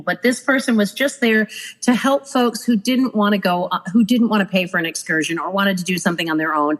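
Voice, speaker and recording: Animated woman telling stories. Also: mid-range voice, low-quality recording. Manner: animated, acts out quoted people. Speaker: podcast guest, former cruise director. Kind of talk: casual storytelling.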